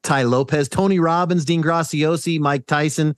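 A man's voice: fairly high pitch, fairly even intonation, normal speed, no echo, clean studio sound. Upbeat chatty man co-hosting a podcast. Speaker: podcast co-host. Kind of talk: casual podcast chat.

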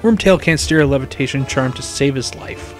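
Man voicing a grumbling teen wizard, sulky, mid pitch. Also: brisk, faint music behind, close to an everyday voice. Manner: complaining.

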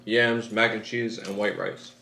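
A man's voice: on the low side, level tone, measured pace, vocal fry, reverberant, background noise. A man giving laid-back, short plain answers in casual chat with his girlfriend. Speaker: boyfriend.

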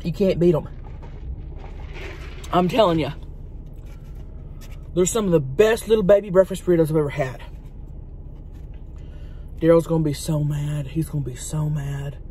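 A woman's voice: low-pitched, normal speed, long pauses, mellow, a little hiss or hum, lightly acted. A woman playing a crude trailer-park wife. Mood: chatty. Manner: crude, chatty drawl while eating. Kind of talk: comedic mukbang character sketch.

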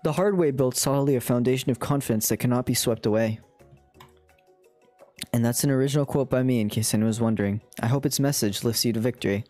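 A man's voice: mid-range voice, quick pace, warm tone, soft background music. A man streaming a game, chatting playfully and swearing while reading lines aloud. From India. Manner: playful, swears, laughs a lot.

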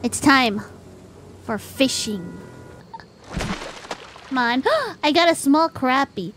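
A woman streamer chatting casually while she plays a game, excitable and quick to gasp and squeal. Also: sits high, a little hiss or hum. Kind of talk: casual gameplay chat. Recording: game music behind.

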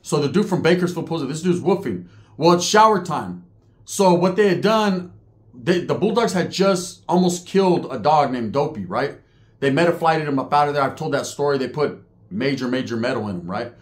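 Middle-aged man, storyteller; lively pitch, slangy, slips into others' voices. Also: normal speed. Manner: street slang, animated retelling, mimics other inmates' voices. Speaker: podcast storyteller. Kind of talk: casual storytelling.

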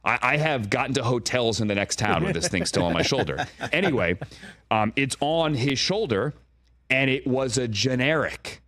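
A man's voice: medium pitch, lively intonation, normal speed, a bit bright, no echo. Middle-aged male guest broadcaster, rambling storyteller, close dry studio mic. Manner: rambling storyteller, mimics on-air voices, frequent "right?". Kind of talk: animated casual studio chat. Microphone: studio mic with earpiece.

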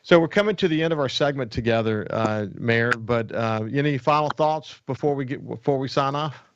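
A man's voice: mid-range voice, brisk, no room sound, highs cut off. A man hosting a radio talk show, chatting casually with a guest and trailing through fillers. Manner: rambling, with fillers and restarts.

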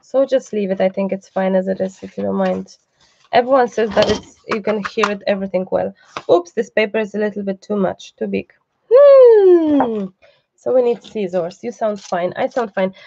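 A woman's voice: mid-range voice, fairly even intonation, a little fast, vocal fry, a little mellow, dull audio, a little hiss or hum. A woman hosting a live online craft class, chatty and reassuring, breaking off for asides to the person behind the camera. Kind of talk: live craft tutorial, casual chat.

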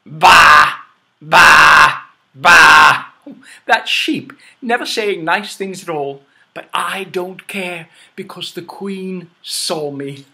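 A man telling stories to children in a playful, animated way, inviting listeners to join in. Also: high-pitched, slow pace. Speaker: storyteller. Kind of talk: storytelling for children.

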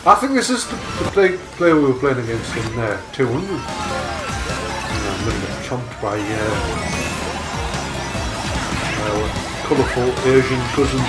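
A man's voice: medium pitch, animated, measured pace, pauses often. A young Englishman, bantering crudely and dryly while playing a racing game online. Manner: dry, teasing and crude. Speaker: gamer and channel regular. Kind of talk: casual gaming banter. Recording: echoey room with loud game music.

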